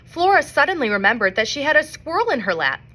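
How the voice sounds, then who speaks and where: A woman reading a children's novel aloud in an expressive storybook manner. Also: high-pitched, fast. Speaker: reader.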